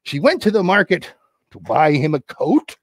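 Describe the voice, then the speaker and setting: Playful puppeteer man, lively voice. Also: on the high side, normal speed, breathy edge, dry recording, studio quality. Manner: playful, chatty, sing-song asides. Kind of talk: livestreamed puppet show. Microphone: camera on a desk.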